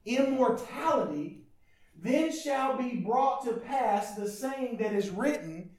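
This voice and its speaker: A man preaching a sermon as pastor, animated and calling out questions to his congregation. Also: very high voice, slow pace. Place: church hall. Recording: echoey church room, mic from a distance.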